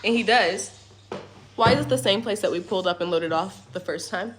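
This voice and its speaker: A young woman telling a rambling, animated story about her family's trip in a casual vlog at home, with swearing and side remarks. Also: medium pitch, a little fast, slight background noise. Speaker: family vlogger. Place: at home in a rental apartment.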